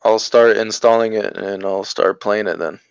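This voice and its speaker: A man's voice: lowish voice, fairly even intonation, normal speed, smooth, no room sound, lo-fi sound. A young man co-hosting a casual podcast, laid-back, laughing often and filling gaps with ums. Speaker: podcast co-host. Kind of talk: casual chat.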